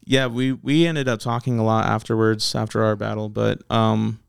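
A man who is a battle rapper, telling stories in a profane, animated way during a casual podcast interview. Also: fairly low pitch, moderate pace, creaky, clean tone, no echo, studio quality.

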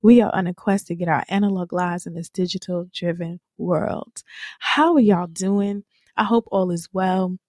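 A woman in her thirties hosting a podcast, chatting casually and rambling with her listeners, now and then guiding a slow breathing exercise. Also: lowish voice, fairly even intonation, a little mellow, no echo, studio quality. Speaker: podcast host.

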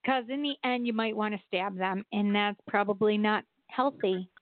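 A woman co-hosting a casual radio show, teasing and quick to laugh. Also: medium pitch, fairly even intonation, heavy background noise. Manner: giggly and teasing. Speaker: co-host. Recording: tinny phone-like call-in audio.

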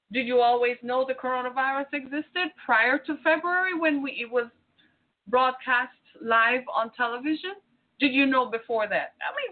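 Middle-aged woman, fired-up commentary, rhetorical questions, higher voice, thin tinny phone-like sound. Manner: indignant, rapid rhetorical questions, repeats phrases. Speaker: vlogger. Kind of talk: impassioned personal commentary.

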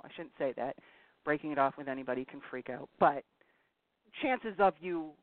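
A woman's voice: deep voice, dry recording. A woman hosting a casual advice talk, blunt and scolding her listeners. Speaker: talk show host. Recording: tinny phone-like dry sound.

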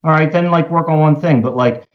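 A man's voice: fairly high pitch, a little fast. Brief: Baltimore man, podcast host, loose rambling comedic chat, slightly muffled lo-fi audio. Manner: rambling, jokey, many fillers.

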